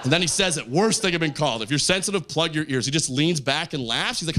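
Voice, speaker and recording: Male stand-up comic, lively storyteller who plays every character loud, fairly high voice, live club sound with light audience noise. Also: fast, few pauses. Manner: animated, acts out quoted voices loudly. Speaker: stand-up comedian. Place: comedy stage with a live audience. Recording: live club show, faint crowd noise.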